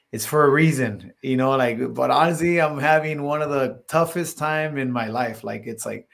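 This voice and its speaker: A man guest on a podcast, telling stories in a casual, filler-heavy way and getting animated when he quotes himself. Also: medium pitch, moderate pace, vocal fry, few pauses. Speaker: podcast guest, solar salesman. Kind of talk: casual interview storytelling.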